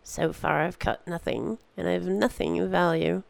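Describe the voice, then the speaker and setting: Speaking as a serene, enigmatic old space traveller, a narrator delivers slow, cryptic lines. The voice is medium-pitched and gravelly, captured in a dry recording.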